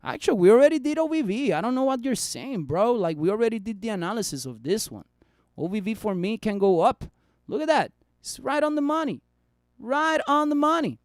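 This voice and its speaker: Male streamer, high clear voice, casual chart talk, dry close mic. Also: very animated, fairly quick, no room sound. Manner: chatty, bantering with chat. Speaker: stock market streamer. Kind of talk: casual live stock analysis.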